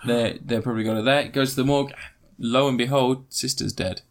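A man's voice: medium pitch, brisk. Tired, rambling podcast guy. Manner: rambling, sweary, full of fillers and restarts. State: tired, yawning. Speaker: podcast host reviewing a film. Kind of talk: casual chat.

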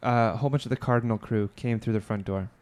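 A man's voice: mid-range voice, fairly even intonation, fast talker, a little mellow, a little hiss or hum. Rambling man telling a story. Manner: rambling storyteller, many fillers and restarts. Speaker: podcast co-host. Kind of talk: casual chat.

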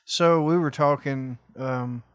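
A man's voice: medium pitch, steady tone, slow, clear, resonant tone, dry recording, clean studio sound. A male podcast co-host in casual chat, full of profane, teasing banter.

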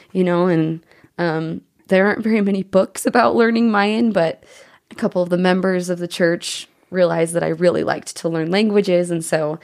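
A woman's voice: fairly low pitch, fairly even intonation, moderate pace, darkish tone. Earnest young woman, interview guest. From United States. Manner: earnest, enthusiastic, with frequent restarts. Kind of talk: casual interview chat.

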